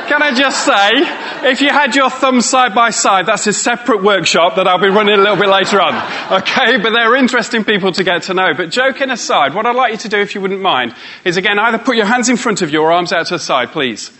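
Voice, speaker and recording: A man's voice: high-pitched, expressive, brisk, noisy background. Playful man leading a workshop. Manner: playful, teasing, coaxing the audience. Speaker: motivational speaker. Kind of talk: live workshop talk to an audience.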